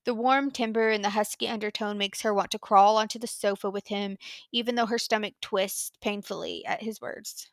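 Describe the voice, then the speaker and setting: A woman narrating a fan fiction audiobook in a measured, earnest storytelling voice. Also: medium pitch, steady tone, creaky, a bit bright, no echo. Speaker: audiobook reader.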